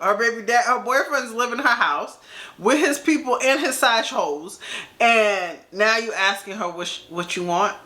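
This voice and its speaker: A woman hosts a casual reaction video, speaking straight to the storyteller with a slangy, teasing delivery and frequent laughter. Her voice sits high and bright, and her pitch jumps around with animated energy. She sounds like she's chatting with friends.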